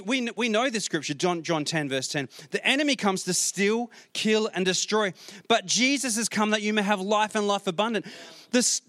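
Male pastor, slightly high voice, earnest repetitive preaching, dry close sound. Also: no room sound. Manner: earnest, repeats words, shifts between soft reading and rising exhortation. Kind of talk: sermon. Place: church hall with congregation.

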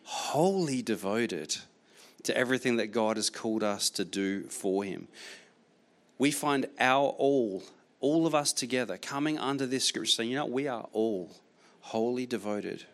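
A man's voice: medium pitch, lively intonation, a little slow. A man preaching a sermon as pastor, repeating key phrases emphatically, with frequent restarts.

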